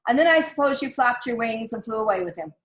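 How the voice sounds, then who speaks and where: A woman's voice: a little high, lively intonation, fast talker, natural voice. Woman reading a weary, dismissive storybook dad. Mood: teasing. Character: busy, skeptical father, weary and dismissive. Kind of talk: storybook read-aloud.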